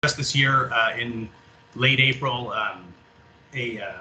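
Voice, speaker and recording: A man with a very bright, sharp voice at middle pitch speaks in an earnest, halting way. There is a faint hiss of noise behind him. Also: rough recording. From Canada. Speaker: soldier giving a talk. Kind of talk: reading a prepared speech. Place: public library event room.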